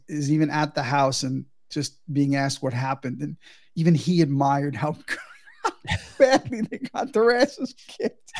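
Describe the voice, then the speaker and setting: Gravelly man recapping a film, halting. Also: a little high, darkish tone. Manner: halting, many fillers. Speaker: podcast co-host.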